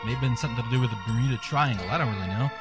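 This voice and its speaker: A man's voice: mid-range voice, very fast, loud music behind the voice. A man hosting a comic show, delivering a sarcastic, rambling, irreverent monologue. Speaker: podcast host.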